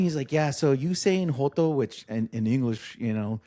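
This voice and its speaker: A man in casual podcast chat, telling stories with crude humor and halting restarts. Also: mid-range voice, expressive, a little mellow.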